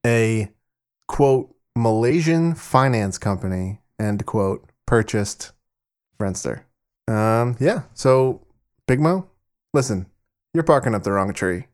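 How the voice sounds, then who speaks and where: A young man hosting a scripted comedy podcast, brisk and deadpan. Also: fairly low pitch. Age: young adult. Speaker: podcast host.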